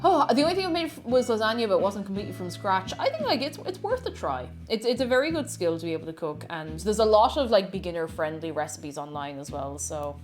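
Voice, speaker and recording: A woman's voice: medium pitch, very animated, fast, few pauses. A woman streaming herself cooking, chatting casually, reading viewer messages aloud and reacting, often stammering and restarting. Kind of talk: casual chat while cooking live. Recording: music playing in the background.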